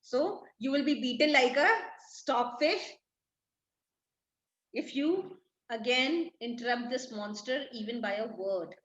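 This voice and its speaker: Woman, literature teacher, high voice, explains line by line, repetitive paraphrasing, echoey room. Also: takes it slowly, dull audio.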